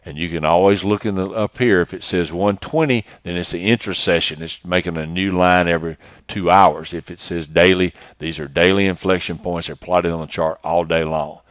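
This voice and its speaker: A man's voice: low-pitched, fairly even intonation, normal speed, hardly any pauses, no room sound, clean studio sound. A man teaching day-trading chart setups in a plainspoken, matter-of-fact screen-share walkthrough, often restarting phrases. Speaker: trading instructor.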